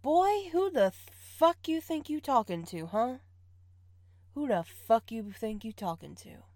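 A woman's voice: mid-range voice, animated, takes it slowly, no echo, clean studio sound. A young woman in an audio role-play, playing a bossy partner who teases, scolds and laughs often. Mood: scolding, laughing.

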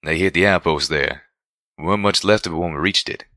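Guy doing a drawling cowpony, bright folksy voice, dry sound. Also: low-pitched, brisk, dry recording.

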